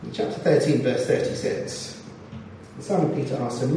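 A man preaching a sermon in a church, expressive and acting out the quotes he reads. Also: medium pitch, normal speed, slight background noise. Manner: expressive, acts out scripture quotes. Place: church or hall. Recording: echoey hall, distant mic, faint ambience.

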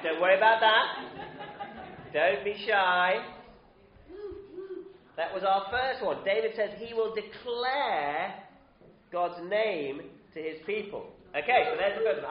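A man preaching an interactive Easter sermon in a church, lively and coaxing the congregation to call out. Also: high voice, normal speed. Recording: roomy, slightly dull church recording.

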